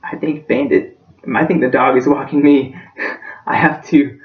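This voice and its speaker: Unhurried and steady in a mid-range voice, a young man delivers a practice persuasive speech for class, earnest, emotional and near breaking. The self-recording was made from a distance in an echoey room, leaving the mic sounding distant and dull.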